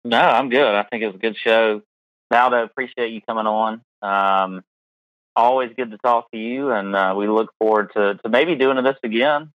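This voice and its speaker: A man co-hosts a casual podcast in a lowish voice. He is easygoing and a little hesitant. The sound is dry and slightly dull. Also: normal speed, no echo. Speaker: podcast co-host.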